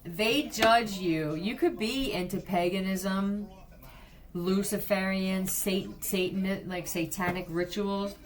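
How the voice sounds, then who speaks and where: A woman's voice: mid-range voice, slow pace. A woman giving a blunt, profane psychic reading, talking straight to the viewer in a casual way. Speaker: psychic reader.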